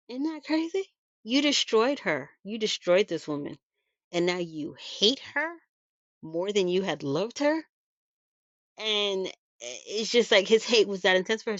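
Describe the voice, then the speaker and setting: A woman's voice: medium pitch, fairly bright tone, dry recording, lo-fi sound. A woman host retelling a story in a casual, chatty way, emphatic and full of rhetorical asides. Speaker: video host.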